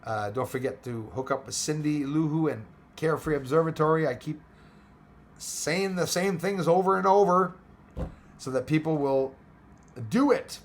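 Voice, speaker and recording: Hoarse man, rambling. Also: fairly high pitch, moderate pace, a little hiss or hum. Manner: rambling, many fillers and restarts. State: hoarse, losing his voice. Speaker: livestream host. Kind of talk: casual chat reading viewer comments.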